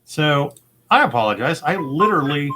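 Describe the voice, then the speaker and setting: Bright-voiced easygoing male host. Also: fairly high pitch, sing-song, moderate pace, a little hiss or hum. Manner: easygoing, rambling with fillers, chuckles often. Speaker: game show host. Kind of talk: casual chat.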